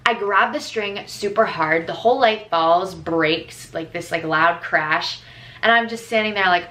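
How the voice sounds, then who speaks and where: A teenage girl vlogging, telling stories casually with lots of fillers and lively retellings. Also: fairly low pitch, normal speed, a little hiss or hum. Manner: chatty, filler-heavy, animated retellings. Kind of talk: casual storytelling.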